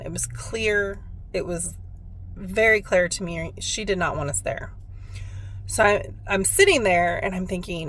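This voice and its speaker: A woman's voice: on the low side, a little slow, fairly bright tone, slight background noise. A woman who works as a spiritual medium, telling a personal story in a heartfelt, reflective way on her vlog.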